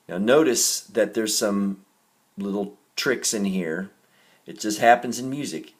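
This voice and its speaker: Slow, patient male music teacher. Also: lowish voice. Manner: patient, counts beats aloud in a raised chant; steady and explanatory, with small self-corrections. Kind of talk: recorded music reading lesson.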